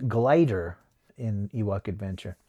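A man's voice: lowish voice, unhurried, dark tone. A man hosting a podcast, chatting casually and reading names off a list while looking them up. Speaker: podcast host. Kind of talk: casual chat.

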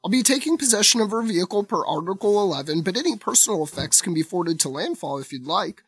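A stiff, formal robot prince speaks in polite, official phrases, read aloud by a man. The voice sits a little high and slightly husky, and the recording is dry and close. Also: fast, no room sound. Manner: polite and official, delivering bad news flatly.

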